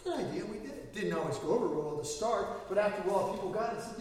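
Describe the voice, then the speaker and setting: A man's voice: high voice, animated, fast talker, a little mellow, a little hiss or hum. A man preaching a sermon in a conversational, storytelling way. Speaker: pastor. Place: church sanctuary. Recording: echoey church hall, mic at a distance.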